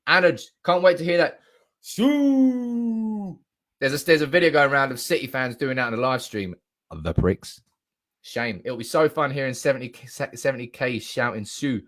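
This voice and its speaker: A young man hosting a live stream, animated and swearing freely while reading out comments from the chat. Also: medium pitch, brisk, hardly any pauses.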